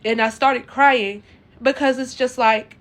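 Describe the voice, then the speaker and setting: Woman, casual storytelling vlog; slightly high voice, earnest and halting. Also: fairly even intonation. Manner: halting, rambling, many "like" fillers and restarts; earnest and emotional. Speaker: vlogger telling her own story. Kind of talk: casual personal storytelling to viewers.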